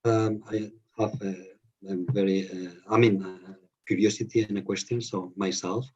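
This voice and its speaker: A man moderating a webinar over a video call, speaking haltingly and searching for words. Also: lowish voice, fairly even intonation, dark tone, slightly rough. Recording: dull muffled call audio.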